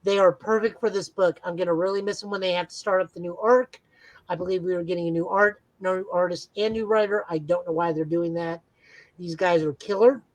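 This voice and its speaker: A man's voice: sits high, fairly even intonation, a little fast, poor audio. A man co-hosting a casual podcast, talking at length in an enthusiastic, rambling way. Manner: rambling, enthusiastic fan talk. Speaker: podcast co-host.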